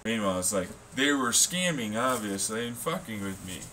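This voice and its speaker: A man rants to the camera with heavy sarcasm and a lot of swearing. His voice is bright and edgy, and it swings from low mutters to loud shouts. There is a faint hum in the background. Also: lively intonation, moderate pace. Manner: profane, sarcastic, scornful. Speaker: vlogger. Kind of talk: ranting monologue.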